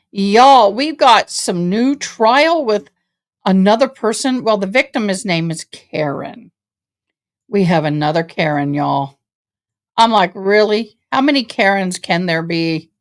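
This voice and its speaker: A woman's voice: mid-range voice, expressive, measured pace. A woman from Tennessee, chatting casually to her livestream viewers from her home office, a little tired. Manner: chatty, addresses chat as y'all. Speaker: livestream host.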